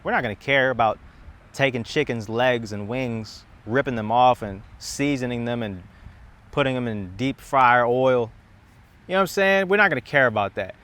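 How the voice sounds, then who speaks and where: A man's voice: medium pitch, moderate pace, a bit bright. Impassioned young man ranting outdoors. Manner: impassioned, emphatic, repeats words and restarts. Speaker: content creator. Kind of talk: casual rambling monologue.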